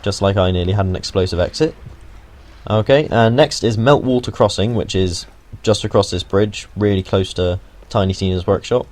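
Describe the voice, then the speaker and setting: Low-voiced jokey gamer. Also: male voice, moderate pace, darkish tone. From United Kingdom. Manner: jokey, rambling asides, mild swearing. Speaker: gaming video host. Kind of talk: casual gameplay walkthrough commentary.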